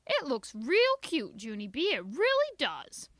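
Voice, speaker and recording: A gentle, coaxing old grandfather in a storybook reading, as a woman reads him in a light voice. The voice sits high and bright, with a lively lilt. The sound is close and dry. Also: a little slow, no echo, full character voice. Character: patient, weary old grandfather.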